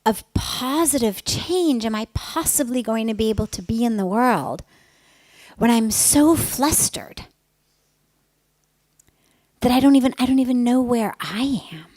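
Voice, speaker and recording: A woman's voice: fairly high pitch, expressive, unhurried, long pauses, a little mellow, rough recording. Earnest woman giving a spiritual talk. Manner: earnest, storytelling, emphatic repetitions. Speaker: spiritual teacher. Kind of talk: spiritual talk with personal story.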